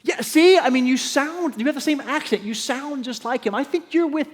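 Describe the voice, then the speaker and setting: A man voicing a pushy, nosy young servant girl in a high, prying voice during a sermon. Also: normal speed, in a large hall. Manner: insistent, prying, high-pitched.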